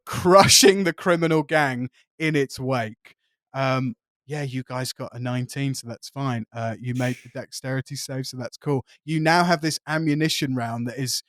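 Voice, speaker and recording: Lively English game master, dry close sound. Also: male voice, on the high side, no echo. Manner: lively, laughs often, descriptive. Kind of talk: narrating a tabletop game.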